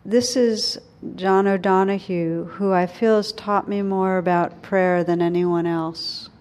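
Woman, meditation teacher, dharma talk, gentle reflective delivery, soft slow pauses, middle pitch. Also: steady tone.

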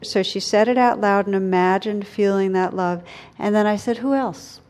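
Speaking at a medium pitch, a woman leads a dharma talk as a meditation teacher. Her delivery is gentle and reflective, with soft, slow pauses.

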